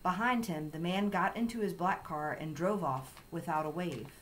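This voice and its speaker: A woman with a low voice reads a children's chapter book aloud in calm, steady storytelling. A faint hiss sits under the recording. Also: normal speed, low-quality recording. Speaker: story reader.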